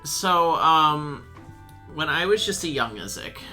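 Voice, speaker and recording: Young guy rambling thru a story while gaming, bright voice, swears a lot. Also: on the high side, slow pace, soft background music. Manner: rambling, animated, swears freely. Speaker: host playing a game while chatting. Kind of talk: casual storytelling chat.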